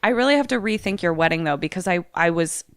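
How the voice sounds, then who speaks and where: Lively, swearing young woman podcast host. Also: lowish voice, fast talker, clear, resonant tone, dry recording, studio quality. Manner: swearing, excitable, jokey. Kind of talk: casual comedic chat.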